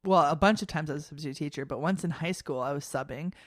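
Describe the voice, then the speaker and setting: A woman co-hosting a casual book podcast, relaxed and wry. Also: sits low, fast talker, no echo, studio quality. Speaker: podcast co-host.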